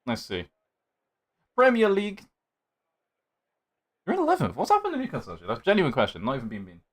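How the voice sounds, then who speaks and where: Fast and a little high, this young man's voice narrates a sim race he's driving live on stream. He's animated and keeps talking to opponents and his chat throughout.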